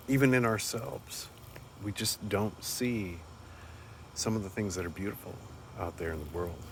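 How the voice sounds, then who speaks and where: A man reflects on his life in an off-the-cuff monologue, his voice fairly low and his delivery earnest. He wanders a bit, echoing his own words as he works out what to say, and faint noise sits beneath him.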